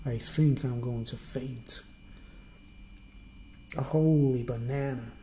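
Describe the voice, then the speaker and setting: A middle-aged man with a softened Merseyside accent chats to his stream in a loose, rambling way, poking fun at himself between fillers. His voice is warm and dark-toned, at an ordinary pitch. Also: steady tone, slow, a little hiss or hum, low-quality recording. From Merseyside, England. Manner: rambling, self-mocking, chatty with many fillers. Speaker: live streamer. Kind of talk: casual live-stream monologue.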